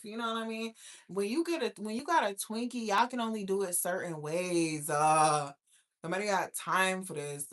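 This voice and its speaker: Speaking at medium pitch, the young host of her own show chats casually and responds to viewer comments. Her style is brash and profane, punctuated by bursts of loud laughter.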